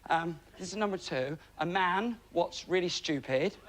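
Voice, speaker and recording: A man's voice: high-pitched, measured pace, noisy background. A man doing a stand-up comedy act on a television talent show stage, with self-deprecating, mock-grand patter. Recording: stage audio with loud audience laughter. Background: audience laughing.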